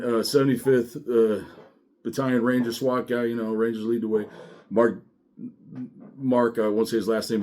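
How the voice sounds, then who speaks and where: Middle-aged man, former deputy, casual monologue, blunt and profane, animated, mid-pitched voice.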